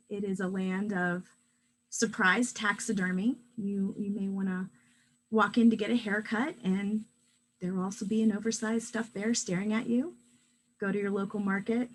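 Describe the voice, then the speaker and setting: Hoarse woman storyteller, wry and chatty, faint hum behind. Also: mid-range voice, fairly bright tone, poor audio. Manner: wry, chatty, with frequent fillers. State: hoarse from illness. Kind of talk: personal storytelling.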